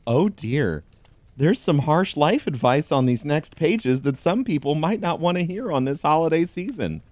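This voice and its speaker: A man giving a deadpan comedic reading of a holiday pun book, with dry delivery. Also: a little high, moderate pace, no echo. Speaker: host.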